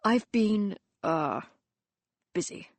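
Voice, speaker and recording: A woman voicing an earnest, guarded young Victorian gentleman who answers tersely and defensively. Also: mid-range voice, lively intonation, extremely slow, dry recording, full character voice.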